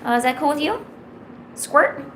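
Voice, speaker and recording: A woman's voice: sits high, animated, moderate pace, fairly bright tone, slight background noise. Chatty woman cooing to her cat. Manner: cooing baby talk to her cat, chatty asides to viewers. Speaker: art streamer. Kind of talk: casual live-stream chat.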